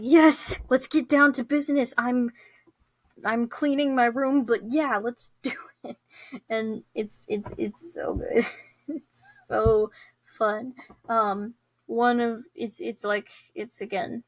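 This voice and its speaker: A woman's voice: fairly high pitch, no room sound. Bubbly giggly young woman podcaster. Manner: bubbly, giggly, lots of fillers and restarts. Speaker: podcast host. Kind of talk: casual solo podcast chat.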